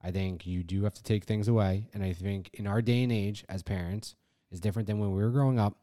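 Low-voiced dad on a podcast, blunt, swears, mimics himself yelling. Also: male voice, fairly even intonation, quick pace. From Italian-American household. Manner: blunt, swears, acts out exasperated quotes. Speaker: podcast co-host. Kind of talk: casual chat.

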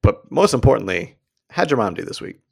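A man's voice: on the low side, big pitch swings, brisk, gravelly, slightly rough. A man co-hosting a casual podcast, laid-back and self-deprecating in his banter. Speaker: podcast co-host.

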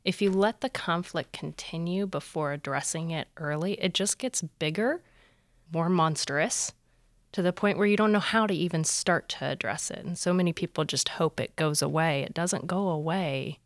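A woman with a very low voice joins a relaxed discussion. She speaks earnestly and backs her points with her own experiences. The sound is dry and close. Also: normal speed, no echo. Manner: earnest, illustrates points with personal examples. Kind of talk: conversational discussion.

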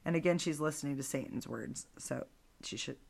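Low-pitched woman hosting a casual faith podcast, chatty and rambling with asides. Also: fairly quick, vocal fry, a little mellow. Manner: chatty, digressive, frequent asides. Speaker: podcast host. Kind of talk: casual Bible storytelling podcast.

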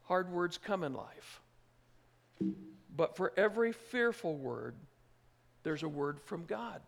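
A male pastor preaching a sermon, moving from hushed, gentle reassurance to loud, emphatic preaching. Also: high-pitched, expressive, slow, creaky.

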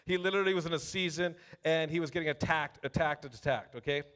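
High-voiced animated male preacher. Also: fast. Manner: animated, conversational, addresses congregation directly; reads scripture aloud with rising emphasis. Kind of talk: sermon.

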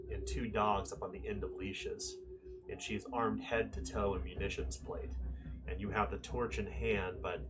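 Low-voiced man narrating as game master. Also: noisy background. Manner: vivid descriptive narration.

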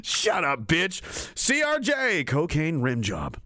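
A fairly high-pitched man, his voice bouncing all over its range as he rambles through a profane livestream rant. He laughs often and reads chat comments aloud, and the sound is dry and close, with no room echo. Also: wildly swooping pitch, slow pace, sharp tone. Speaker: livestream show host.

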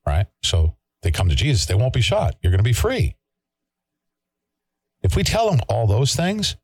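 A deep-voiced male host in the middle of a fired-up monologue. His pitch swings widely as he hammers points home, repeats himself and throws in mild swears. The sound is dry and close-miked. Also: darkish tone, breathy edge, dry recording. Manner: emphatic, preachy, repeats himself and swears mildly. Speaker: show host. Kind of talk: heated talk-show commentary.

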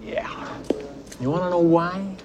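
A man's voice: high-pitched, fairly even intonation, unhurried, lo-fi sound, noisy background. An actor playing a stressed middle-aged father in a film clip, ranting indignantly.

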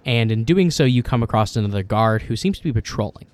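A man narrating a tabletop game as game master, describing scenes with many pauses and fillers. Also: fairly low pitch, expressive, darkish tone.

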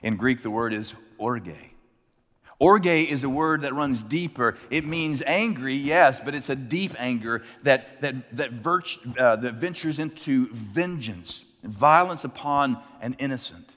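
Animated preacher in a reverberant hall. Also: male voice, mid-range voice, unhurried. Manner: animated, acts out characters in his story. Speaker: pastor. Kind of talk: sermon with personal storytelling.

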